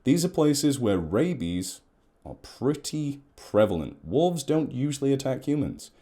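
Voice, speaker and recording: A man's voice: medium pitch, very animated, unhurried, warm tone. A man, an ecologist chatting at length and in a rambling way as he explains to camera.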